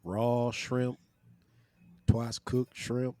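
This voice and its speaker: A man's voice: medium pitch, flat delivery, drawn-out words, mellow, dry recording. A man co-hosting a casual podcast, teasing the others with dry humor. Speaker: podcast co-host. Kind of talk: casual chat.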